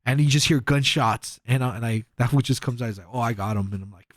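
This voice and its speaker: A young podcast co-host with a medium-pitched voice talks at a quick pace, telling a casual, rambling story thick with fillers and profanity and acting out the quotes. There's no room sound, and the studio audio is clean.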